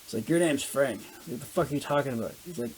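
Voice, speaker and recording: A man's voice: mid-range voice, racing, a little mellow, breathy edge, poor audio. A young man, a bit drunk, telling loose profane stories in a casual chat over beers. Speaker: guest.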